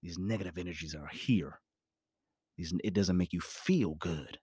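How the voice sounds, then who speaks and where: A man's voice: low-pitched, normal speed, darkish tone, breathy edge, no room sound, studio quality. A man giving a motivational talk, speaking emphatically and repeating his key phrases. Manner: repetitive, emphatic, preachy.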